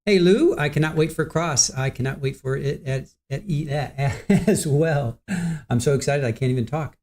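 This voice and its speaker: A chatty middle-aged man hosts a live online show, reading out viewer names and laughing easily. His voice sits a little high for a man, with a warm, mellow tone. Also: normal speed. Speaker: livestream host. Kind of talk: casual livestream chat.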